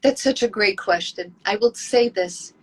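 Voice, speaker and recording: A woman giving an earnest, emphatic inspirational talk to women, telling stories with warmth and conviction. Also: mid-range voice, unhurried. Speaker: Jewish women's speaker.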